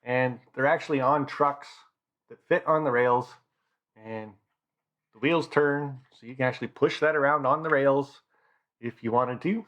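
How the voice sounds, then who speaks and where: A man's voice: mid-range voice, unhurried, fairly bright tone, lo-fi sound. A man hosting a casual live stream from his home, chatting loosely and reading out viewer names as he goes. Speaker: channel host. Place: home model railroad room.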